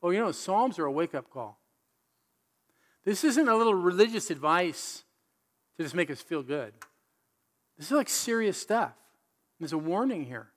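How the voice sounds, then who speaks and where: A man preaching a sermon in an animated, conversational way, full of rhetorical questions. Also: high voice, normal speed, long pauses. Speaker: pastor.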